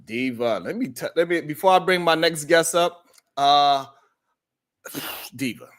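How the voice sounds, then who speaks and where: A man hosting a live-stream talk show, talking in an emphatic, slangy, animated way. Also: a little high, unhurried. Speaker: host.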